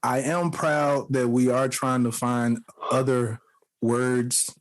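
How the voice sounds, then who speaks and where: Speaking slowly in a medium pitch, a man co-hosts a podcast and swaps stories in relaxed conversation. He acts out the characters, mimicking their voices, and laughs frequently.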